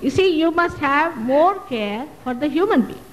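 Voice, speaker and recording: A woman's voice: high-pitched, animated, moderate pace, in a large hall, poor audio. A woman, a spiritual teacher answering audience questions at a public talk, emphatic and full of rhetorical questions. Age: 60s. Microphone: loudspeaker microphone.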